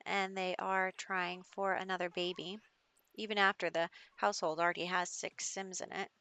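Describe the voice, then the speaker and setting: Bright-voiced woman narrating her game. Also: on the low side, level tone, normal speed, clear, resonant tone, dry recording. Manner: chatty storytelling recap with fillers. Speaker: gaming video host. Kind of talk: casual gameplay narration.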